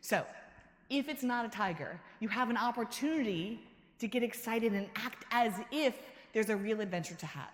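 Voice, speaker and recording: A woman giving a motivational keynote talk, an animated storyteller who acts out quotes with a lively voice and laughs between stories. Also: lowish voice. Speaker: keynote speaker. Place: large conference hall. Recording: echoey hall reverb.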